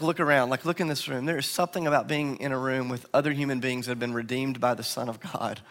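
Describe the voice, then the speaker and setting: A man's voice: mid-range voice, creaky. A man, preaching a sermon to his church and telling stories with acted quotes. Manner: animated storytelling with acted quotes. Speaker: pastor. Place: large church hall. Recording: long hall reverb.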